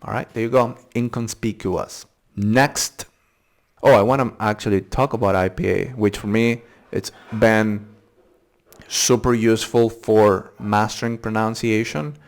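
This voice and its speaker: Man drilling tricky words slowly. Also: lowish voice, fairly even intonation. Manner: thinks aloud with fillers and restarts. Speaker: English pronunciation channel host. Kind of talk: casual unscripted pronunciation lesson.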